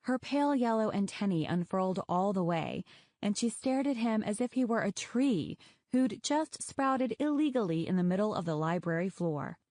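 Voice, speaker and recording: A woman narrating an audiobook in a measured, even way. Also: medium pitch, no room sound, clean studio sound. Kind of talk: scripted narration.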